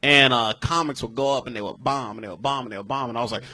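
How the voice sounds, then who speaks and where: A man's voice: medium pitch, quick pace, sharp tone. A male comedian casually telling a profane story about an early set on a live comedy podcast. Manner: loose, profane, laughing storyteller. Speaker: comedian guest.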